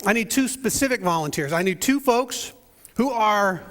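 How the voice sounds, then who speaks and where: Pastor guy, high voice, jokey and chatty with the crowd in church. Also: animated, normal speed, a bit bright, in a large hall. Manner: joking, chatty, talks straight to the congregation. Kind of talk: playful sermon opening with audience interaction. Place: church sanctuary.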